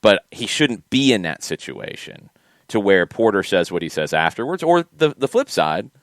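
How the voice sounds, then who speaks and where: A man co-hosting a casual soccer podcast, emphatic and opinionated, quick to push back. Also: lowish voice, big pitch swings, no room sound, clean studio sound. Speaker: podcast co-host. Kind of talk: casual sports talk.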